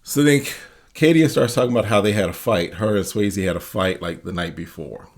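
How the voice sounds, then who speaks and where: A man co-hosting a casual show recap, telling the story in a relaxed way and briefly mimicking the people he describes. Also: lowish voice, fairly quick. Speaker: co-host.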